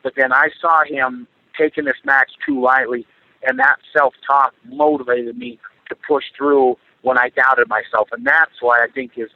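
A man's voice: mid-range voice, vocal fry. A middle-aged man being interviewed, talking earnestly with lots of fillers and repetitions. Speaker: interview guest, former Olympic wrestler. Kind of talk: casual interview talk. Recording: dry tinny phone line.

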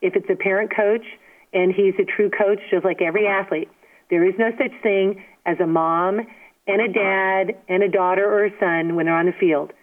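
Woman, interview guest, animated, emphatic, middle pitch, phone-line sound. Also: moderate pace. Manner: animated, emphatic, frequent "you know what I mean". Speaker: guest, former softball player. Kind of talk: storytelling interview.

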